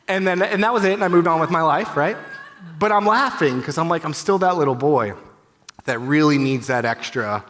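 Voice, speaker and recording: A man's voice: on the high side, a little fast, a bit bright. A man in his thirties giving a heartfelt, candid talk at a conference, conversational and full of "you know"s. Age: 30s. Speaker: conference speaker. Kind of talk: personal testimony talk. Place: conference hall. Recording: long reverb of a large hall.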